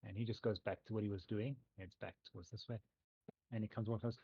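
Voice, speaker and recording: A man narrating as game master of a tabletop game, easygoing and halting. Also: on the low side, fairly even intonation, vocal fry, husky, no room sound. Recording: dull lo-fi mic.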